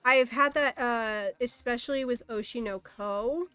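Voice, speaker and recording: A woman's voice: on the high side, a little slow, pushed and bright, smooth, no echo. A young woman in a casual, exasperated ranting monologue, swearing often and laughing in disbelief. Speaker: streamer.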